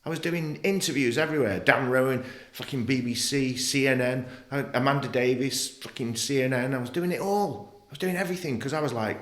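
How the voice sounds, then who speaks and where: Telling his story in a candid interview, an English podcast guest speaks at normal speed in a medium-pitched voice, with roomy acoustics. He's blunt and animated and swears a lot.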